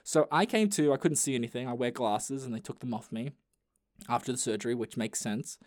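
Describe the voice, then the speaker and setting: A man's voice: mid-range voice, brisk. A young man tells a story as a podcast host, in a loose, profane, jokey way with many restarts. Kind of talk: casual storytelling chat.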